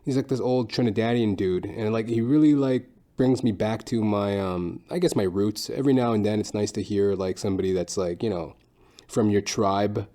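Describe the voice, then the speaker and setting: A man's voice: on the low side, normal speed, mellow. A man hosting his own podcast, talking in a loose, rambling monologue full of swearing and self-mockery. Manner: profane, rambling, self-mocking. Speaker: podcast host and stand-up comedian.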